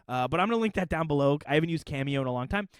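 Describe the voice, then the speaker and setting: A young man talking casually to his viewers in a chatty, joking manner, with quick asides. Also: on the high side, animated, smooth, dry recording. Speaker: youtuber. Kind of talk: casual vlog explainer.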